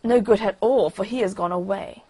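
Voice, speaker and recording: A woman's voice: mid-range voice, moderate pace, dark tone, breathy edge, lightly acted, low-quality recording. A woman voicing a dismissive male dragonfly in a bedtime story reading, with a curt, offhand manner.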